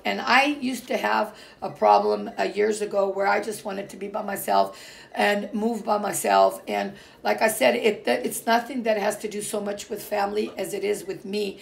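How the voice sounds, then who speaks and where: Woman, middle-aged, from Portugal, heavy vocal fry, casual personal talk, rambling, emphatic. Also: medium pitch, fairly even intonation, moderate pace. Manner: rambling, emphatic, frequent fillers and restarts. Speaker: vlogger.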